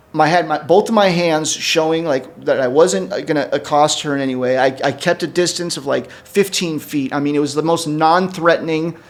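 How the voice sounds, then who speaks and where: A man telling a story on a podcast, his voice a little high for a man. He talks in a loose, profane, rambling way, full of fillers and restarts. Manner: animated, jumps up in pitch when quoting people. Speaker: podcast co-host. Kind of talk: casual storytelling chat.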